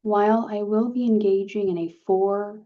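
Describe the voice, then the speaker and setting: A woman leading a guided relaxation session, speaking calmly and gently with soft pauses. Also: mid-range voice. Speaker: meditation guide. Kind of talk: guided meditation talk. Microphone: video call. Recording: dull lo-fi video call audio.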